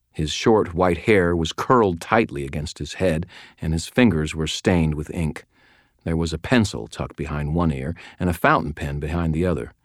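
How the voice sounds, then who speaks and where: A man's voice: deep voice, no echo. A man narrating a story in the first person with a dry, wry delivery. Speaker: audiobook narrator.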